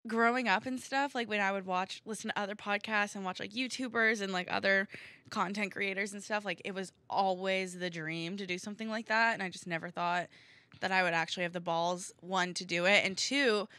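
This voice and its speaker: A woman's voice: medium pitch, steady tone, fairly quick, pushed and bright, clear, resonant tone, no echo. A young woman co-hosting a podcast in casual chat, earnest and effusive, full of "like". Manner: earnest, effusive, heavy use of "like". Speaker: podcast co-host.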